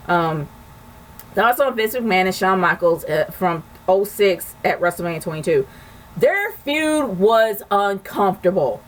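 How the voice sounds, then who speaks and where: A woman's voice: medium pitch, poor audio. A woman hosting a casual question-and-answer video, chatting frankly and rambling a little as she answers viewers. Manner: chatty, frank, rambling with restarts and light laughs. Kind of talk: casual chat.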